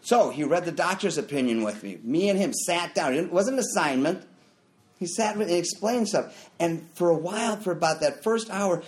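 Middle-aged man, recovery share, lively storyteller, loud bursts when quoting others. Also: fairly high pitch, brisk. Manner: animated storyteller, jumps into loud acted quotes. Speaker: recovery meeting speaker. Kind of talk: personal story shared at a meeting.

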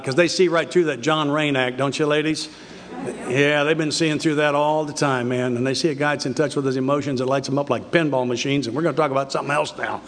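An older man giving an earnest, confessional recovery talk, telling his story with halting restarts. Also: mid-range voice, fairly even intonation, fairly bright tone. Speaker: recovery speaker. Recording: reverberant hall.

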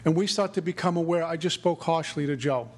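His voice a little high with a breathy edge, a middle-aged man moves a little fast through his personal recovery talk. He sounds sincere and keeps repeating himself in a mantra-like way as he addresses the meeting.

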